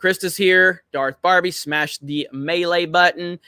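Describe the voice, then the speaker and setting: Male streamer, fairly high voice, dry close sound, casual chat-reading host. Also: steady tone, unhurried, bright, forceful tone, clean tone, dry recording. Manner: reads viewer comments aloud, laughs often, swears freely. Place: home in Florida.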